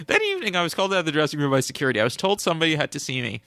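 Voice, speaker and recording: A man's voice: fairly high pitch, wildly swooping pitch, rapid-fire, pushed and bright, no room sound. A man co-hosting a podcast, reading a story aloud in a mock-solemn tone and chatting casually. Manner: reads aloud with mock solemnity, breaks into laughter. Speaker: podcast co-host. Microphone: close studio mic.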